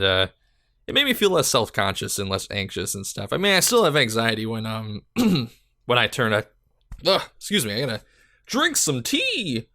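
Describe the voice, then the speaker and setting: A young man rambling through a casual solo podcast with a bright, forward voice. He talks loosely with plenty of "like"s, a bit out of breath. His voice is close and dry, with no room sound. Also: fairly low pitch, no room sound. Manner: rambling, filler-heavy, self-deprecating. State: slightly out of breath. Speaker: podcast host and gaming YouTuber.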